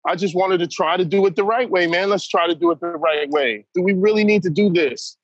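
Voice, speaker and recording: A man's voice: high voice, brisk, breathy edge, dry recording, dull audio. A man talking as a podcast guest, blunt and emphatic, who keeps saying "man" as he talks. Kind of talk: candid conversation.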